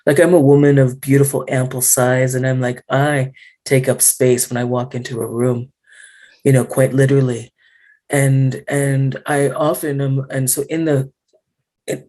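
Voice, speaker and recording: Frank, animated woman on a video call. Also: very deep voice, moderate pace. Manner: animated, frank, full of fillers and acted-out quotes. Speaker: panel speaker. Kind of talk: casual discussion.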